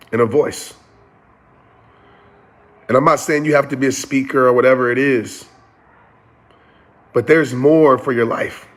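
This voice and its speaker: This man, a motivational speaker with a medium-pitched and somewhat bright voice, is getting emotional. He addresses listeners as "y'all" and speaks earnestly in a preacher's cadence, circling back to the same phrases.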